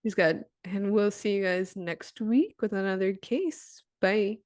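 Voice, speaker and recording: A woman's voice: mid-range voice, unhurried, a little mellow. Wry woman podcast co-host. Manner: wry, dry joking asides. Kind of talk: casual chat.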